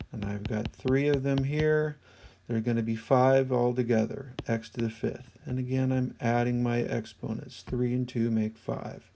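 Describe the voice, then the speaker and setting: A man's voice: mid-range voice, vocal fry, warm tone. A man teaching a math lesson in a screen-recorded voice-over, patiently explaining each step.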